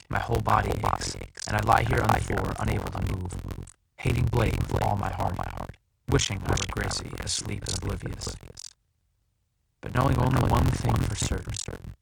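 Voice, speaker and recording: Man, first-person audiobook narration, measured and tense, heavy vocal fry, hissy recording. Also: on the low side, steady tone. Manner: measured, tense, dramatic reading. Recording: loud background hiss.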